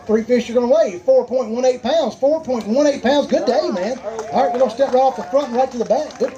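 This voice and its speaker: A man's voice: very high-pitched, a little fast, mellow, rough recording. A man with a Southern US accent emceeing a live outdoor fishing tournament weigh-in, with folksy, joking crowd banter.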